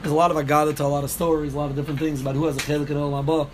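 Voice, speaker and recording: A man's voice: on the high side, flat delivery, very fast, slight background noise. A man teaching a daily Talmud class, explaining step by step, repeating key phrases and answering students' questions.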